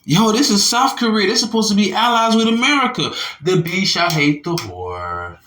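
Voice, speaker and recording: Lively, bright-voiced man teaching loosely. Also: sits high, normal speed. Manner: loose, profane, talks back to his audience. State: a little tipsy. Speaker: religious commentator. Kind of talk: casual scripture teaching and article reading.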